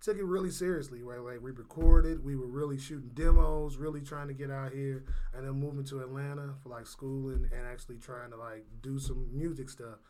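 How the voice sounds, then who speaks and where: A man in his thirties from St. Louis, a guest comedian chatting casually on a podcast, laid-back and quick to laugh. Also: mid-range voice, fairly even intonation, dark tone. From St. Louis, USA.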